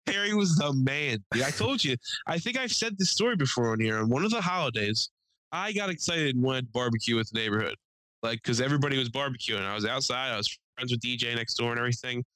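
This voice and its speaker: A man's voice: medium pitch, animated, quick pace, bright, forceful tone, dry recording, rough recording. A young man co-hosting a podcast, telling a long, profane story in casual chat and acting out the people he quotes in a raised voice. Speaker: podcast co-host.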